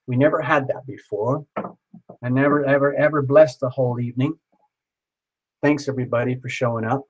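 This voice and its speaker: A man reads tarot for viewers during a casual live stream, chatty and excitable, tossing out jokes and asides to his audience. His voice is at an ordinary pitch and fairly quick. The audio sounds dull.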